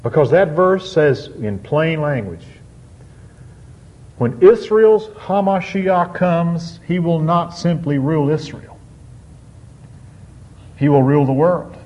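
Man, sermon, very slow deliberate delivery, emphatic scripture reading, muffled recording. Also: a little high, lively intonation, darkish tone. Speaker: preacher. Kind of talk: sermon on a psalm. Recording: dull lo-fi sound.

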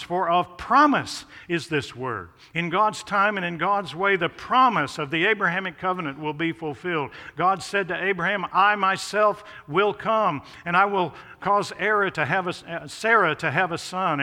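A man's voice: fairly high pitch, sharp tone. A man preaching an expository sermon, stressing contrasts with rising emphasis. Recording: long hall reverb.

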